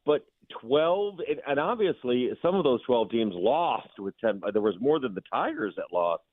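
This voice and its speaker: Man, sports radio guest; animated, lively delivery, phone-quality audio. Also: no room sound. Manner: animated, quick opinions, jumps in pitch. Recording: thin phone-line sound.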